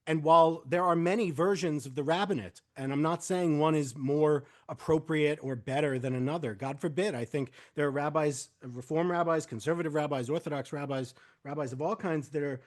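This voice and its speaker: A man who is a guest rabbi on a podcast interview, speaking in a measured, hesitant way as he weighs his words. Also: on the high side.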